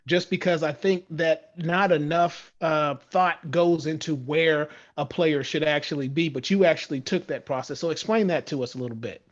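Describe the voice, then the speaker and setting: A man hosting a podcast interview, asking his questions in a halting way with many restarts. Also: fairly high pitch. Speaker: podcast host. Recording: dull lo-fi audio.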